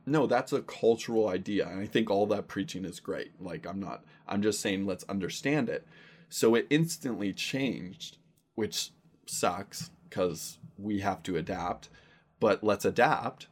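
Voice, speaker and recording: Pastor guy chatting in an interview, earnest, slightly low voice. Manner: earnest, conversational, thinks aloud. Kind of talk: casual interview conversation.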